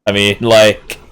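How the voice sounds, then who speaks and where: A man's voice: lowish voice, a bit bright, smooth. A man hosting a let's-play, commenting on his game in a rambling, self-amused way with casual swearing, sleepy after just waking up. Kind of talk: gameplay commentary.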